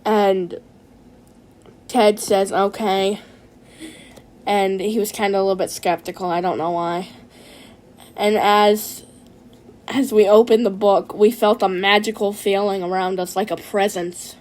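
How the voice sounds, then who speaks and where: A woman telling a rambling, silly first-person adventure story, excitable and stumbling over her words. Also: medium pitch, unhurried. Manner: excitable, restarts and repeats words.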